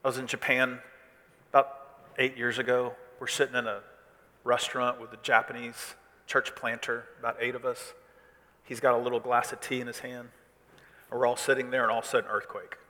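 Male pastor from Missouri, animated preacher, loud declarations dropping to hushed asides, bright tone with long hall reverb. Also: medium pitch, fairly quick. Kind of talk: sermon.

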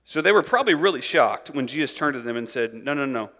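A male pastor with a bright, forceful, slightly high voice gives a relaxed, chatty sermon. He talks to the congregation like friends and slips into lively acted voices for the people in the story. His voice carries a long hall reverb. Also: fast. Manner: animated, acts out the disciples' voices in a higher, louder pitch; conversational, many "like" and "right?" asides.

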